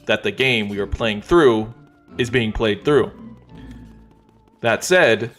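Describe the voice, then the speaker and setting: A man streaming a game, talking in a relaxed, wry, joking way as he plays. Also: on the low side, slow pace, soft background music. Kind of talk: casual gameplay commentary.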